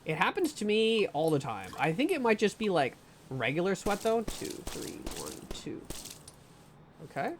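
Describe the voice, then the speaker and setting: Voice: medium pitch, big pitch swings, fairly quick, a little hiss or hum. A live streamer giving gameplay commentary, talking to viewers, nervously narrating each move, swearing and pleading over and over with anxious laughs.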